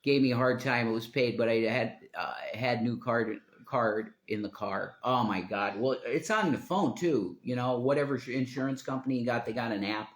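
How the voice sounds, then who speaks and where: A man's voice: medium pitch, normal speed, few pauses. A man talking on his own live stream in a meandering, profane monologue, often trailing off mid-sentence. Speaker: livestreamer. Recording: roomy echo.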